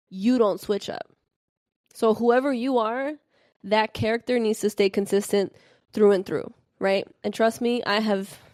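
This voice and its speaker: A young adult woman hosting a casual podcast, telling gossip and stories animatedly and acting out quotes with big jumps in pitch. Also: a little mellow, no room sound, studio quality. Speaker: podcast host. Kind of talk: casual chat about reality TV and celebrity gossip.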